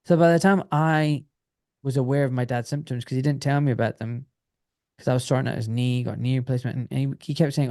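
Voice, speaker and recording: A middle-aged British man telling stories on a podcast, lively and loose, swearing as he goes and slipping into the voices of people he quotes. His voice is mellow and warm, and it sounds close and dry. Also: medium pitch, fast, dry recording. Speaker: podcast guest, former doctor. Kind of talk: casual podcast storytelling.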